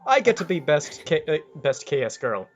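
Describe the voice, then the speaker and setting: Man co-host, casual chat, jokey and rambling, animated pitch, fairly high voice. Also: normal speed, muffled recording, faint music behind.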